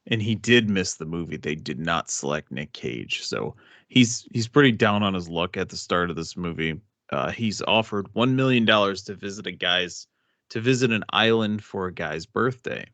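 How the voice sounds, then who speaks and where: A man's voice: sits low, animated, normal speed, a bit bright, no echo. A man co-hosting a casual movie review podcast, rambling and thinking aloud. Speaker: podcast co-host.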